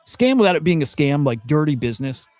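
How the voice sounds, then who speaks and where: A man's voice: fairly high pitch, big pitch swings, quick pace, a little mellow, no echo, faint music behind. A man streaming crypto news commentary. He rants bluntly and swears often, repeats himself, and sounds exasperated. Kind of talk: casual ranting commentary.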